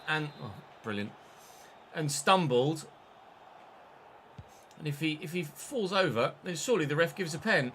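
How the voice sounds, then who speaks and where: A man streaming a football video game, giving an excitable, sweary running commentary on the play. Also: on the high side, moderate pace, a little hiss or hum. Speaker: gaming streamer. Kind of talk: live gameplay commentary.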